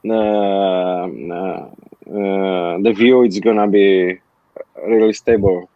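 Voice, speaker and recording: A man's voice: sits low, fairly even intonation, takes it slowly, no echo. Hesitant man on a dull dry call line. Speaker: panelist on a live drone show.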